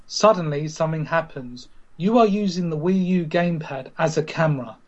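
Playful, teasing podcast host, slightly lo-fi. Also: male voice, a little high, brisk. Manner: playful, teasing, animated storytelling. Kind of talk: casual chat. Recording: slightly dull lo-fi sound.

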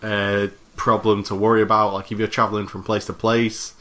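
A young man talks in a relaxed, rambling way, telling co-hosts about a game. His voice sits on the low side. The delivery is loose and conversational. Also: moderate pace. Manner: laid-back, rambling game recap. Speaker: podcast co-host. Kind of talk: casual chat.

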